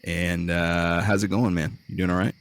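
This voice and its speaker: A man's voice: deep voice, moderate pace. A man co-hosting a podcast in casual, joking talk, swearing freely. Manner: joking, profane, relaxed. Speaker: podcast co-host.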